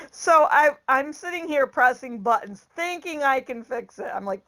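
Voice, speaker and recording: A woman with a slightly high voice tells a story in an unhurried, easygoing way. She laughs often as she goes and acts out the lines she quotes, as in a relaxed home vlog. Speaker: vlogger.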